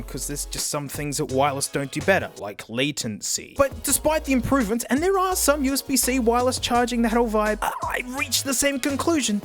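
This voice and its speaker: A man's voice: high-pitched, fairly bright tone. An Australian man reviewing earbuds in a blunt, joking, casual way, often saying mate. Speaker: headphone reviewer.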